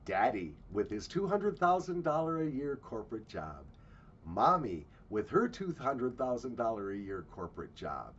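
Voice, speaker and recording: A man's voice: mid-range voice, sing-song, normal speed, dull audio, a little hiss or hum. A man from the United States giving blunt, sarcastic travel commentary with swearing. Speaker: travel vlogger.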